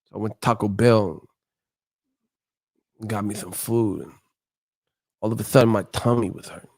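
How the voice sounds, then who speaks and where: A man doing a comic impression of a retired heavyweight boxer whining like a child about a stomachache, mumbly and quiet. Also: fairly low pitch, moderate pace, creaky, voice pushed down. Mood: whiny. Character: mock Mike Tyson, grown man whining about a stomachache. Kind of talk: comic impression on a live stream.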